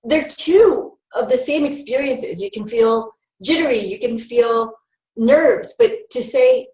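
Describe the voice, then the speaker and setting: A woman health educator giving a lively, fast-talking training talk on public speaking, with frequent fillers. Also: on the high side. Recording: roomy, mic at a distance.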